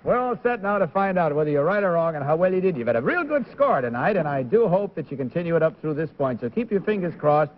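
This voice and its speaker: A man's voice: a little high, big pitch swings, fast, few pauses, highs cut off. A man hosting a live 1950s TV game show, jovial and chuckling, heard on an old broadcast with a studio audience.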